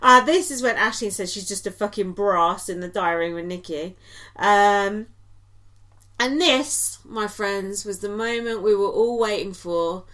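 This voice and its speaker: A woman's voice: medium pitch, unhurried, fairly bright tone. A woman co-hosting a podcast, recapping in a casual, chatty way with lots of ums and likes and giggly asides. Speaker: podcast co-host.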